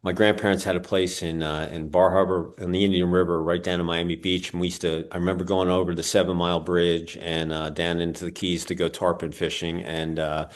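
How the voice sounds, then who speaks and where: A man's voice: sits low, level tone, a little fast, few pauses. A man with a Pennsylvania accent hosting a casual interview, talking in a rambling, folksy way with many fillers. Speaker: podcast host.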